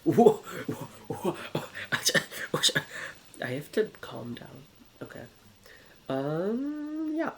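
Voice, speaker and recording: Slow, rambling, scatterbrained male storyteller. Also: mid-range voice, animated, gravelly. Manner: scatterbrained, giggly, many restarts.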